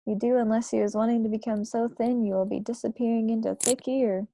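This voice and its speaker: A woman's voice: fairly high pitch, moderate pace, creaky, dry recording. Woman voicing a kindly old giant. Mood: earnest. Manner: garbled grammar, loud and earnest. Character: huge kindly old male giant, muddled talker.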